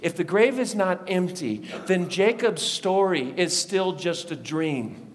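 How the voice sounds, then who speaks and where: A man preaching a sermon as a pastor, telling the story in a lively way and acting out the voices of the people in it. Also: high voice, slow pace, slight background noise. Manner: animated storytelling, acts out voices of disciples. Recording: long reverb of a large hall.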